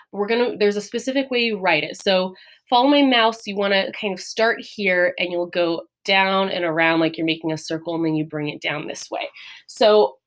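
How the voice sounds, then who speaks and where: A woman's voice: mid-range voice, a bit bright. A woman teacher giving a recorded lesson. She explains each step patiently and keeps checking in with "right?" and "all right?".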